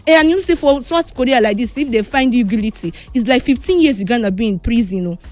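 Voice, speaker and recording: A Nigerian woman hosting a casual sports news roundup, lively and chatty, switching between Pidgin and English. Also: fairly high pitch, fast talker.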